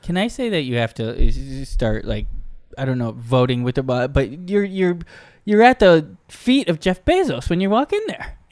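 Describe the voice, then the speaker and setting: A man's voice: fairly high pitch, sing-song, darkish tone, dry recording, studio quality. A man co-hosting a podcast, dropping teasing jokes into a casual chat. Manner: teasing, quick joking interjections. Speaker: podcast co-host.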